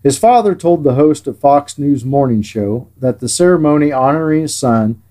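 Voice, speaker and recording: Mellow-voiced man preaching a sermon. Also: medium pitch, expressive. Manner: measured, earnest, dryly sarcastic at times. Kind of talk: sermon read from a script.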